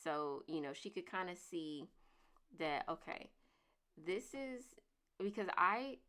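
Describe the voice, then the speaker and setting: Chatty, emphatic woman vlogger with a lowish voice. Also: lively intonation, slow, long pauses. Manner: chatty and emphatic, repeats points forcefully. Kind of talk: casual chat to camera.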